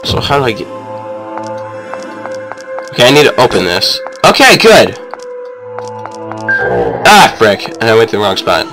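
A man giving excitable let's-play commentary, talking to the characters and yelling in frustration at the controls. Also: medium pitch, unhurried, pauses often, low-quality recording. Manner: excitable, yells at the game. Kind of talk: game commentary. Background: game music.

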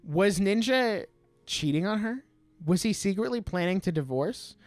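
A woman's voice: medium pitch, animated, moderate pace, darkish tone, no echo, soft background music. A woman co-hosting a podcast, casually summarizing and poking fun at her own old writing with frequent giggles. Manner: giggly, self-mocking. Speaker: podcast co-host and writer of the story. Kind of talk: casual banter.

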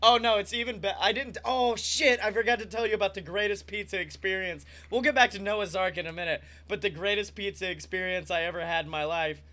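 A man co-hosting a podcast, chatting casually and telling animated stories from home. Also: sits high, a little fast, few pauses. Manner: animated storyteller, acts out characters, laughs a lot. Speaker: podcast co-host. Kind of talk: casual comedic chat.

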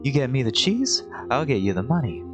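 A man's voice: mid-range voice, very animated, a little fast, highs cut off, music in the background, voice pushed up, natural voice. A man voicing a scheming, greedy male mouse in a game, sly and wheedling.

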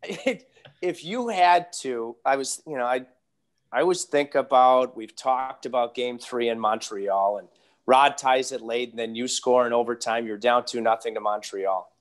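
A man's voice: medium pitch, normal speed. A man hosting an interview podcast, asking long questions and telling chatty anecdotes. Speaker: podcast host.

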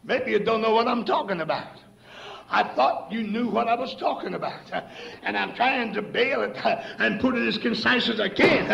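A man preaches with fervor, his voice pitched very high and thick with gravel. He moves from shouting down to low asides. The sound comes from an echoey 1970s recording of a church sanctuary. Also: moderate pace. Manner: fervent, rising to shouts and dropping low. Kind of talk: sermon.

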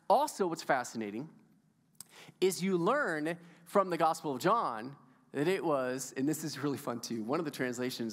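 With a mid-range, slightly bright voice, a male pastor gives an enthusiastic, playful sermon and talks directly with the people in the pews. The setting is a church sanctuary, and the audio carries a long hall reverb.

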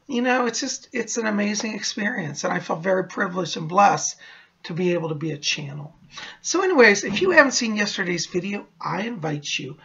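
A man's voice: high-pitched, vocal fry, pushed and bright, slightly rough. A man hosting his psychic channel, telling a story in a chatty, theatrical vlog manner, in a dull lo-fi recording.

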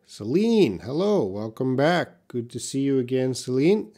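A man's voice: medium pitch, sing-song, unhurried, mellow. A man teaching English in a live question-and-answer stream, reading out viewers' questions and modeling words for them to repeat.

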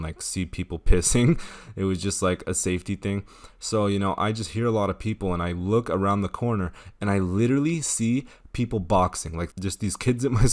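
A young man casually telling a storytime vlog over gameplay, laid-back, swearing and laughing as he goes. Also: deep voice. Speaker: storytime vlogger.

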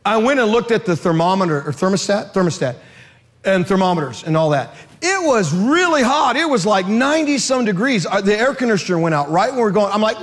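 A middle-aged male pastor preaching a lively sermon with comic stories, acting out voices and shouting in bursts. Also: sits high, fairly quick.

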